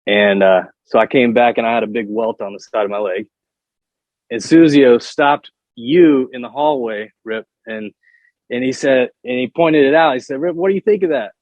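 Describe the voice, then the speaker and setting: Guy rambling thru old stories, keeps repeating words, flat dry lo-fi audio. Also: mid-range voice, no echo. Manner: halting, repeats words when starting sentences. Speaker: guest, former wrestler. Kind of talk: casual storytelling on a podcast.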